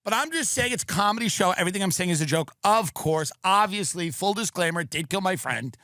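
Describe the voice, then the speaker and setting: A man hosting a comedy podcast who riffs in a sarcastic, rambling way with deadpan asides. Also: high-pitched, quick pace, no room sound. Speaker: host.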